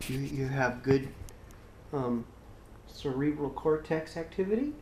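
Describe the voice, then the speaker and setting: A father filming his baby at home with the camera held in his teeth, cooing to her in a soft singsong. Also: mid-range voice, expressive, measured pace, echoey room, slight background noise, poor audio. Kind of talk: home video talk to a baby.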